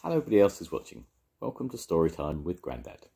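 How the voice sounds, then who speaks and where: Old grandad reading a kids book, deep warm voice. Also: male voice, big pitch swings, quick pace, creaky. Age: older. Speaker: storytelling grandfather. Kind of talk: reading a picture book aloud.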